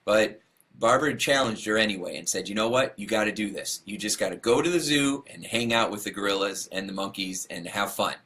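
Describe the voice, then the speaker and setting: A man's voice: fairly low pitch, a little fast, pushed and bright. A man giving a motivational talk, telling a story and acting out what people said, laughing at himself along the way. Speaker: motivational speaker.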